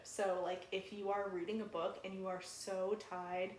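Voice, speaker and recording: A woman's voice: medium pitch, level tone, moderate pace, darkish tone, a little hiss or hum. A young woman co-hosting a podcast in casual, chatty talk, with frequent fillers and laughs. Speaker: podcast co-host. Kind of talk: casual chat. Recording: roomy echo.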